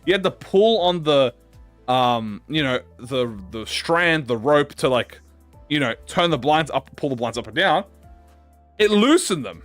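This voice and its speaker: A man with a high, wildly swinging voice tells a story in casual chat, excitable and full of swearing, often restarting mid-sentence. The sound is dry and close, with soft music running underneath. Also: unhurried, no room sound. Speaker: gaming YouTuber.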